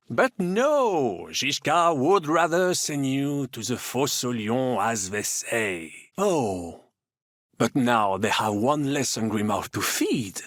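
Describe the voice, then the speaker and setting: An actor playing a flamboyant, optimistic French knight in a video game, with a French accent and a theatrical, boastful way of talking. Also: male voice, mid-range voice, a bit bright, no echo, clean studio sound, full character voice.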